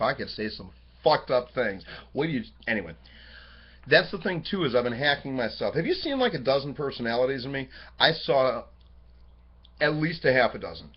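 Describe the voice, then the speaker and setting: A man talking into his webcam in a rambling, profane personal monologue, jumping between excited high bursts and low, quiet musing. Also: breathy edge. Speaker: vlogger. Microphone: webcam microphone. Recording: dull lo-fi webcam audio.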